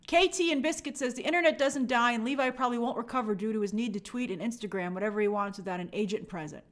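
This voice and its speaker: A woman hosting a movie news live stream, giving sarcastic, animated commentary and reading viewer comments aloud. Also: fairly high pitch, quick pace. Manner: animated, sarcastic, acts out quoted reactions.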